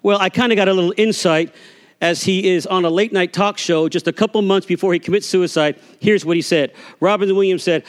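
A man's voice: high voice, fairly quick, in a large hall. A man preaching a sermon as a pastor, telling a folksy story and acting out the voices of the people in it. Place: church sanctuary.

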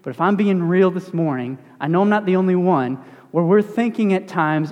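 Young man, student pastor, casual conversational sermon, slightly high voice, long church reverb. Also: normal speed. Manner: conversational and animated, with self-deprecating humor. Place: church sanctuary.

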